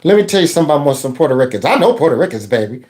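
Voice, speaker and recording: A man's voice: fairly high pitch, sing-song, racing, darkish tone, voice pushed down. Man putting on a tipsy rambling auntie. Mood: tipsy doting. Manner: slurring, doting, rambling. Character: tipsy loud middle-aged aunt, woman.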